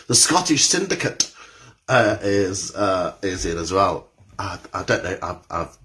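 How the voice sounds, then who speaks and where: A man's voice: low voice, steady tone, unhurried, a bit bright. A man, leading a live-streamed exercise class indoors and greeting viewers by name in a chatty way. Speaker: exercise instructor. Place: indoor room with carpeted floor.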